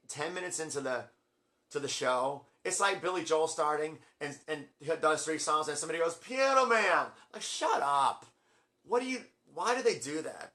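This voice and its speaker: A middle-aged man telling a long, rambling story on his video blog, acting out quotes with big jumps in his voice. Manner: excitable, acts out quotes with big pitch jumps. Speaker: music vlogger.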